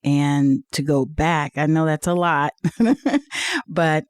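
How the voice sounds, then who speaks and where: A woman's voice: low-pitched, lively intonation, takes it slowly, dry recording, clean studio sound. A woman guest in an interview, telling a personal story in an earnest, heartfelt way, with frequent "uh"s. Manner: earnest, heartfelt testimony with many "uh"s. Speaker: interview guest, league executive.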